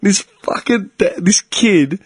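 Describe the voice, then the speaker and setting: A man's voice: high voice, takes it slowly, slightly rough, dry recording. An Australian man hosting a podcast, telling stories in casual chat, swearing a lot and breaking into laughter. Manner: animated storyteller, swears a lot, bursts of laughter. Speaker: podcast host.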